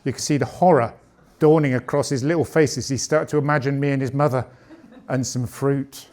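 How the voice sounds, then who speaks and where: A man's voice: mid-range voice, fairly even intonation, fairly quick, a little mellow, slight background noise. A man in his late fifties doing a bawdy, conversational stand-up comedy set on a club stage, speaking into a handheld mic. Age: 50s. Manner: bawdy, conversational, punchy delivery.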